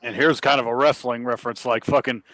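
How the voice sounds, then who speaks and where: A man's voice: medium pitch, fairly even intonation, fairly bright tone, no room sound, low-quality recording. A man co-hosting a podcast, chatting bluntly and profanely about a TV show. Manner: blunt, profane, quick to agree. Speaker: podcast co-host. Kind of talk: casual chat.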